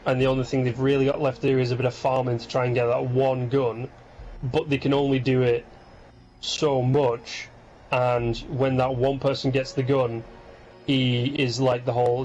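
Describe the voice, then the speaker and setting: A man's voice: mid-range voice, normal speed, slight background noise, rough recording. Rambling sleepy man. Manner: rambling, self-interrupting, animated impressions. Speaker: podcast co-host. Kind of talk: casual gaming chat.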